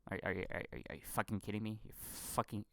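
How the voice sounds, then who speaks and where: A man's voice: lowish voice, quick pace, creaky, pushed and bright, no room sound. A young man ranting casually about film acting, stammering, repeating himself, swearing often and acting out mocking impressions. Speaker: film commentary vlogger. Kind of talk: casual profane rant.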